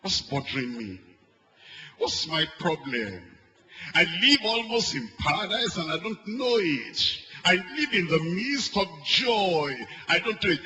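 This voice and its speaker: A man preaching a sermon, repeating phrases and swinging between loud and soft. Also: sits high, low-quality recording.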